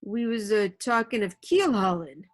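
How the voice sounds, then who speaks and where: A woman's voice: mid-range voice, animated, normal speed, close to an everyday voice. Woman doing a sheepish old sailor. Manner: meek, hesitant. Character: sheepish old gray-haired sailor man.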